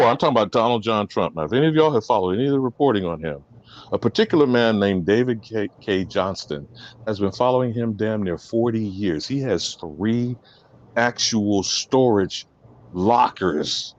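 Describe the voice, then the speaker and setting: A man giving impassioned commentary, preachy and emphatic, his voice swinging from loud to soft. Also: mid-range voice, lively intonation, normal speed, dry recording, highs cut off.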